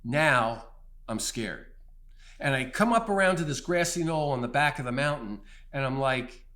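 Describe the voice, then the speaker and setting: A middle-aged man telling a personal faith testimony in an earnest way, swinging from loud bursts to hushed near-whispers. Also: a little high, lively intonation, moderate pace. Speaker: storyteller giving testimony.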